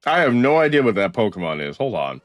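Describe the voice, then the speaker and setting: A man's voice: medium pitch, big pitch swings, fast talker, dry recording, lo-fi sound, soft background music. A young man streamer giving casual, joking, sweary commentary while playing a game. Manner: sweary, joking, reads dialogue aloud. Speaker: gaming streamer.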